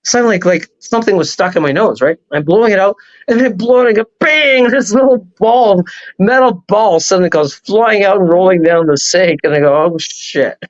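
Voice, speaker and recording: A man speaking as a show guest, telling a long personal story in a rambling, animated way. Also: high-pitched, a little fast, dull audio. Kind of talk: casual storytelling on a talk show.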